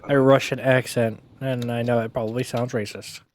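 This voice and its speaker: A man's voice: mid-range voice, flat delivery, normal speed, a little mellow, slight background noise. A man streaming a game, giving casual, self-mocking commentary as he thinks aloud.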